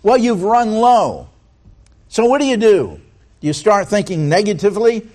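Animated man preaching a sermon. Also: high-pitched, normal speed. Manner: asks the congregation many rhetorical questions; reads scripture aloud.

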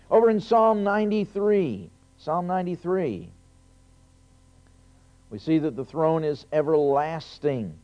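Reading scripture in a sermon, a man with a highish, warm voice punches up key phrases and lets his pitch rise on them. He is emphatic and keeps restarting his sentences. The audio is lo-fi and muffled.

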